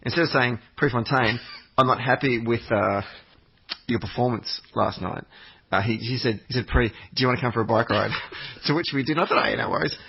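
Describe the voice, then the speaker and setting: A man's voice: medium pitch, brisk, gravelly, slightly rough, lo-fi sound. A man, chatting as a podcast guest, telling rambling stories and swearing freely. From Australia. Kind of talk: casual chat.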